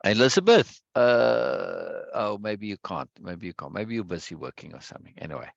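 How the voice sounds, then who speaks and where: A man's voice: lowish voice, expressive, normal speed, creaky, dry recording, highs cut off. A man hosting an online study group, chatting casually and greeting viewers one by one, often repeating his phrases. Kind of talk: casual livestream chat before a reading session.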